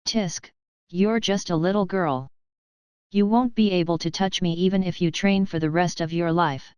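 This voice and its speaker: A woman reading the part of a calm, self-assured young man in an audiobook, speaking softly and evenly. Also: lowish voice, moderate pace, smooth, dry recording, muffled recording, lightly acted. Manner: soft, even delivery.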